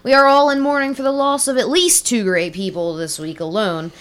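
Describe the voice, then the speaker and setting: A woman's voice: fairly high pitch, fairly even intonation, a little fast. A young woman hosting a casual podcast chat, giggly and rambling, sometimes losing her words. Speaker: podcast host.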